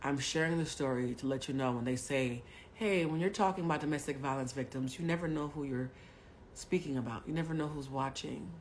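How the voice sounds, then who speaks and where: A woman in her forties from Haiti, a spiritual coach telling a personal story on a livestream in a blunt, profane way, swinging from loud bursts to hushed asides. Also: a bass voice, brisk, a little hiss or hum. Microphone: webcam or phone mic on a home livestream.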